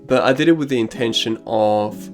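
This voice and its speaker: A man's voice: medium pitch, moderate pace, faint music behind. A man giving casual, slangy commentary on an anime and telling personal anecdotes. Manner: casual and slangy, drops crude asides.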